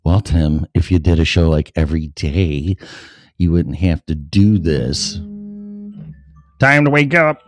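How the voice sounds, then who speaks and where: A man's voice: rumbling low, fairly even intonation, unhurried, warm tone, dry recording, faint music behind. A man hosting a live show, rambling, swearing and talking to himself between his scripted lines. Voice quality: rambling, profane, talks to himself. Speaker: show host. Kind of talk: casual live show monologue. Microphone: headphones and mic, checked aloud.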